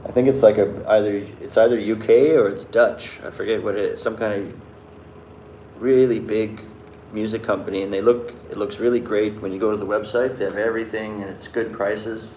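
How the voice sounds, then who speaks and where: A man's voice: lowish voice, steady tone, fairly quick, mellow, a little hiss or hum. Laid-back guy, roomy echo. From Canada. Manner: rambling, loose, many likes and restarts. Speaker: vlogger answering live chat. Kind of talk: casual chat.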